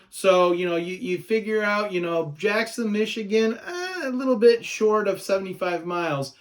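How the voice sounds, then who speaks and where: A male history teacher giving a recorded lecture, repeating key notes and asking questions that he answers himself. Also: high-pitched. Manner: asks the class questions and answers them himself.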